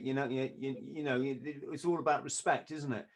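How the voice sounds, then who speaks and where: A man, a podcast guest, telling a story in a lively way, often laughing and acting out what others said. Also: medium pitch, brisk. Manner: lively, acts out quoted voices, laughs often.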